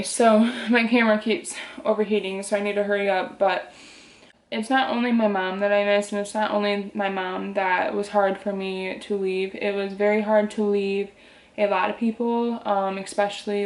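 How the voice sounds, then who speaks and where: A young woman speaks to her camera in a rambling, heartfelt way, full of fillers. Her pitch stays fairly level, with little rise and fall. The voice carries a noticeable echo from a room at home. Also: a little mellow. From Michigan. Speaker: vlogger. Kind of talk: casual talk to camera. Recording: roomy echo.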